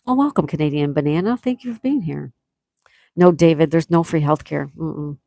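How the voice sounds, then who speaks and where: A woman's voice: low-pitched, moderate pace, gravelly, mellow, no echo, studio quality. A woman with a Buffalo, New York accent hosting a casual live stream, chatting and reading viewers' comments aloud before answering them. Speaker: livestream host.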